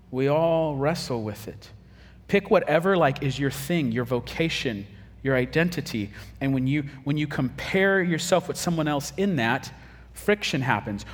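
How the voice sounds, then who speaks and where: A man preaching a casual, humorous sermon, telling stories and acting out quick quoted voices. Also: on the high side, big-room sound. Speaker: pastor.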